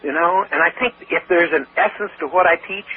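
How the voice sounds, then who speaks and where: This phone-in guest has a husky, brisk voice that sits high. Calling in over a tinny, faintly hissing telephone line, he tells his story with animation, performing the quoted speech of the people in it.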